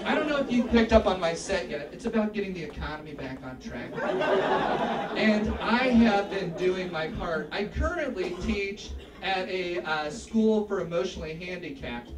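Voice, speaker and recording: A man doing a stand-up comedy set on a club stage, animated and acting out the people in his stories. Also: high voice, normal speed, a loud crowd, very noisy. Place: comedy club stage before a live audience. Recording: echoey club room, distant mic, audience laughter.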